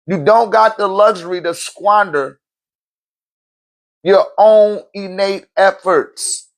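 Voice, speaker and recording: A man with a notably high-pitched speaking voice gives a loose, emphatic motivational talk as a spiritual teacher. He curses freely, laughs between points and stumbles over repeated words as he restarts his sentences. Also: slow, pauses often. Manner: profane, emphatic, laughs often. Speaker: spiritual teacher and event host.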